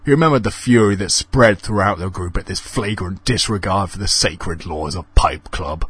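A man narrating a comic ghost story in a deadpan, mock-dramatic way. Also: low voice, moderate pace, husky.

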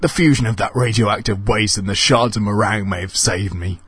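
A man doing a rasping, sneering meringue monster. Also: fairly low pitch, a little fast, a bit bright, no room sound. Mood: menacing. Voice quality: raspy.

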